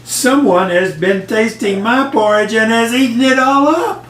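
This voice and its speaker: An older man voicing a small, fretful baby bear boy in a squeaky, whimpering storybook voice. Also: measured pace, a bit bright, far from the mic, a little hiss or hum. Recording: echoey room, voice off-mic.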